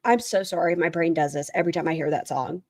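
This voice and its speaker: A woman's voice: on the low side, fast talker, a little mellow. A woman hosting a livestream, reading out a written statement and viewers' chat messages and commenting on them bluntly, swearing casually. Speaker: livestream host.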